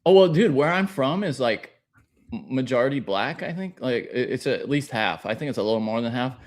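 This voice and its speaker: A man's voice: medium pitch, lively intonation, a little fast. A man co-hosting a casual comedy podcast, easygoing and often trailing off mid-sentence. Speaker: podcast co-host.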